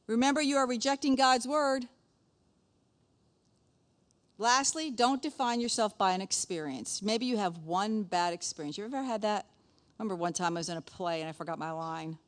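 A middle-aged woman with a medium-pitched voice leads a conversational Bible lesson in a chatty manner, frequently checking in with her listeners.

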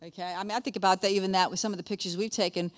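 A woman's voice: medium pitch, fairly even intonation, racing. A middle-aged woman teaching a conversational Bible lesson in a chatty way, often checking in with her listeners.

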